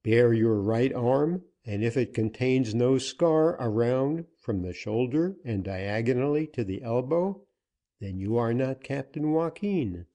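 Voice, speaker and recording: The narrator's steely gunman speaks at a slow pace in a mid-range, dark and mellow voice with lively intonation, barely raised above the reader's plain voice. He sets out his terms coldly and deliberately, in full command as he seeks vengeance.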